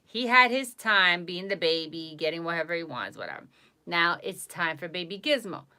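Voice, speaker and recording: Bright-voiced woman chatting animatedly. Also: on the low side, normal speed, clear, resonant tone. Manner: animated, talks baby talk to her dog. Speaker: live reading host. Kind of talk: casual chat on a live stream.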